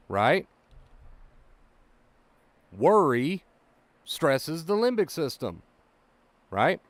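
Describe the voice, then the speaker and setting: A man's voice: medium pitch, smooth, no room sound. A man talking as an anxiety recovery coach, giving a blunt motivational monologue. He swears freely and repeats his points. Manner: blunt, profane, repetitive.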